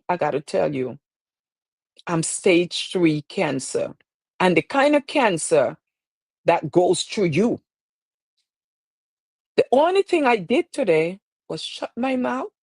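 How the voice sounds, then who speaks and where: A woman's voice: fairly low pitch, creaky, a little mellow, no room sound. A woman hosting her own stream, speaking in an emotional, preacherly way with repeated phrases. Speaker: show host. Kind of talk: impassioned live-stream talk.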